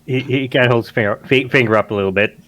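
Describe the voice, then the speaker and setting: Guy narrating his rpg character, lots of like and uh, repeats himself, medium voice, soft music under it. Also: medium pitch, fairly even intonation, very fast, dry recording. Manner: hesitant, repeats words, says "like" a lot. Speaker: player.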